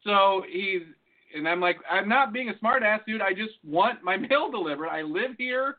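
A high-voiced man tells a profane story in casual chat and acts out both sides of a phone call. The sound is thin and tinny, like a phone line. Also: lively intonation, moderate pace. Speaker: podcast co-host.

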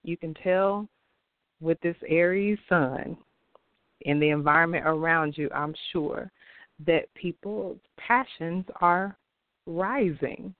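A man giving a weekly astrology forecast, talking in an expressive, passionate way and laughing often. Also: a little high, slow pace, dry recording. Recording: tinny phone-like dry sound.

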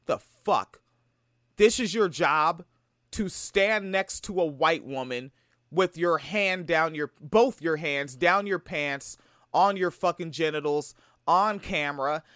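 A man's voice: fairly high pitch, a bit bright, no room sound, clean studio sound. A man from Tacoma giving blunt, heated, sarcastic reaction commentary on a sketch. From Tacoma, Washington.

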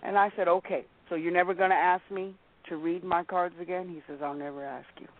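A woman telling a personal testimony as a guest, slowly relating a story and acting out the people in it. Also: on the low side, fairly even intonation. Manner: slow storytelling, acting out quoted voices. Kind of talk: personal testimony in a call-in talk. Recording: tinny phone line.

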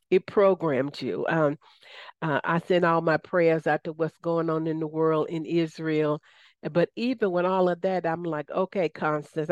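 Excited Southern woman radio host. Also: deep voice, no room sound. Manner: enthusiastic, folksy, says y'all. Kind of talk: casual radio talk.

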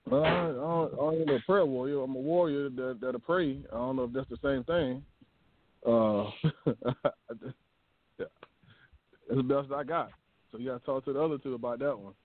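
A man hosting a casual chat, laid-back and drawn-out, chuckling now and then. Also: medium pitch, dry recording. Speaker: host. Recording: tinny phone line.

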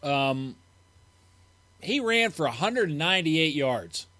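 A man's voice: on the high side, very animated, slow, pushed and bright, no echo. A man co-hosting a casual fantasy football show in a small studio, citing stats and telling old league stories in a matter-of-fact way. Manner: stat-heavy, matter-of-fact, anecdotal. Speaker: co-host. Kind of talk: casual sports chat.

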